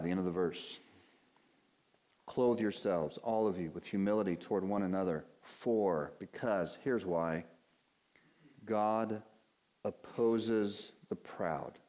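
A man's voice: low voice, takes it slowly, pauses often, a little mellow. A male pastor preaching a sermon from the pulpit, earnest and emphatic, with many rhetorical questions. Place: church sanctuary at a pulpit.

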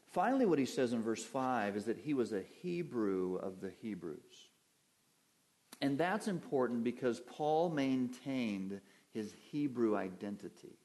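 A man's voice: mid-range voice, expressive, measured pace, darkish tone. A man preaching an evening Bible-teaching sermon from a church pulpit, in a conversational teaching manner, putting questions to his listeners and answering them.

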